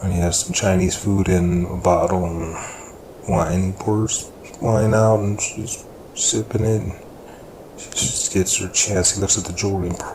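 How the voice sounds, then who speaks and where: A man with a fairly low voice tells a story in an easy, rambling way. He jumps up into a higher pitch whenever he quotes one of his characters. There is steady noise in the background. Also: a little slow, reverberant. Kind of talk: casual spoken storytelling.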